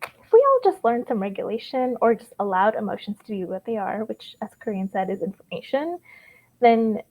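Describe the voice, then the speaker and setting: A woman's voice: on the high side, very animated, brisk, a little mellow, poor audio. A woman life coach in a casual group discussion, talking earnestly in long run-on thoughts full of "like".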